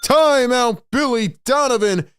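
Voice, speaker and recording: A man hosting a live play-by-play reaction stream. He swings between hyped shouting and frustrated muttering and repeats lines for emphasis. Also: very high voice, measured pace, smooth, no room sound, clean studio sound. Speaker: sports stream host.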